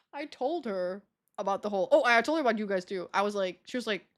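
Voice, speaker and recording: A young woman with a mid-range voice chats casually with her viewers on a stream. She mocks herself, laughs often, and acts out conversations.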